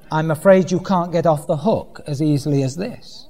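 A man's voice: on the high side, moderate pace, dark tone. A man preaching a sermon in a church hall, acting out quoted voices with dry humour. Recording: long hall reverb.

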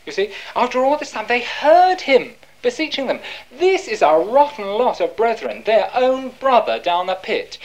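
A woman's voice: medium pitch, poor audio. A woman preaching a sermon, asking rhetorical questions and answering them herself.

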